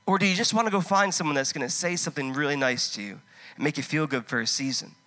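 A man preaching a sermon, impassioned and conversational, swinging from loud urging to hushed storytelling. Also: a little high, fast talker. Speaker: pastor.

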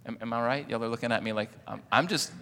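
A man preaches in a church with a bright, forceful tone, joking easily and putting questions to the congregation. His words ring out with a long hall reverb behind them. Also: mid-range voice, steady tone, quick pace. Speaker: pastor. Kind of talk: sermon.

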